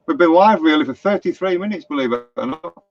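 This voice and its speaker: Middle-aged Lancashire bloke, fairly high voice, yarning to his live-stream viewers, muffled sound. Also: expressive, fast talker, no echo. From Lancashire, England. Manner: chatty, anecdotal, reads out viewer comments. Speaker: motorhome vlogger. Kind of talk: rambling live-stream chat. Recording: dull lo-fi live stream, dry.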